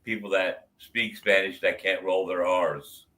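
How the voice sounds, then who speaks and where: Lowish, bright-voiced male co-host, blunt and joking, casual. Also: fairly even intonation, a little slow. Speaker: stream co-host reacting to music. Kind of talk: casual live-stream chat.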